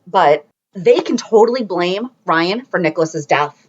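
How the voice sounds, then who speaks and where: A woman co-hosting a fan podcast in casual chat, animated and quick to laugh. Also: on the low side. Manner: animated, laughs a lot, acts out scenes. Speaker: podcast co-host. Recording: dull lo-fi podcast audio.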